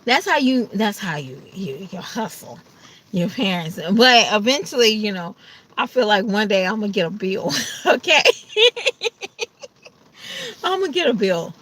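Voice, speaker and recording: With a sing-song, a bit bright mid-range voice at normal speed, a woman vlogs in a casual chat to her audience. She's ready for bed and sleepy, and she occasionally voices her family.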